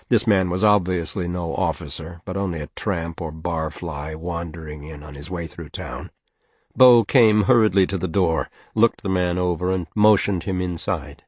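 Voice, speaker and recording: Low-voiced man reading a novel aloud. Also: breathy edge, no room sound. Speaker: narrator. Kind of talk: audiobook narration.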